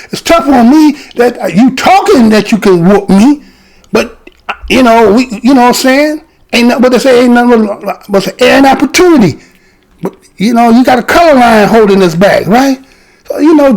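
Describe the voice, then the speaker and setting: A man's voice: extremely high pitch, poor audio. A man giving casual history commentary, talking conversationally and often checking in with listeners through rhetorical questions.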